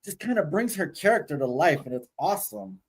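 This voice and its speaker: A man's voice: high-pitched, lively intonation, a little fast, slightly rough, rough recording. A man co-hosting a podcast, telling stories animatedly and swearing casually. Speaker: podcast co-host. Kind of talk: casual chat.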